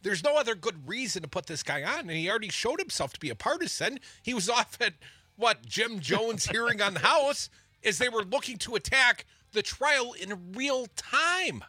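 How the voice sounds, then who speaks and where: A man's voice: high voice, sing-song, a little fast, pushed and bright, slightly rough, no echo. A man co-hosting a political talk show, blunt and mocking in his commentary. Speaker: co-host.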